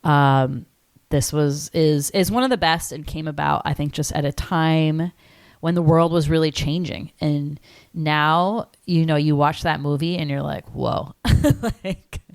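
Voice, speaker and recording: A thirtysomething podcast co-host talks in a casual, rambling way, with frequent "like" fillers. She speaks at a measured pace in a deep voice, and the studio sound is clean with no room sound.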